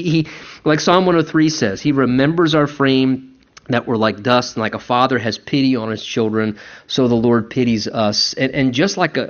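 A man's voice: medium pitch, fairly bright tone. A man preaching a conversational sermon as a pastor, acting out quoted voices as he goes. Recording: dull lo-fi recording.

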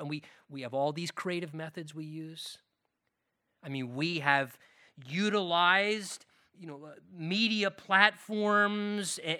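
High, bright-voiced preaching man. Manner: impassioned preaching, loud emphatic bursts then quiet asides. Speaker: pastor. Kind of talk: sermon.

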